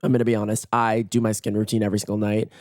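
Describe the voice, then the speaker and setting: A man in his late twenties hosting a solo podcast from bed, his voice hoarse and nearly gone, joking in a playful, campy, self-mocking way. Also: on the low side, level tone, very fast, darkish tone, no echo, studio quality. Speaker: podcast host. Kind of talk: casual solo podcast chat. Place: in bed at night.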